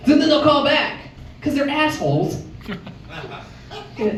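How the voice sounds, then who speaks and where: A woman's voice: sing-song, very slow, pauses often, a little hiss or hum. Brash 50s woman from chicago doing standup, voice jumps all over, echoey club heard from far back. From Chicago, Illinois. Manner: brash, acts out voices with big pitch jumps. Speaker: stand-up comedian. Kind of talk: stand-up comedy set. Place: comedy club stage. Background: audience laughter.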